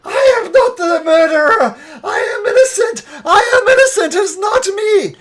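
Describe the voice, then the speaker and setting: A man voicing a frantic female ghost with a noose around her neck, wailing in a high shriek that she is innocent. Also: lively intonation, normal speed, fairly bright tone. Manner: screams desperately, repeats herself.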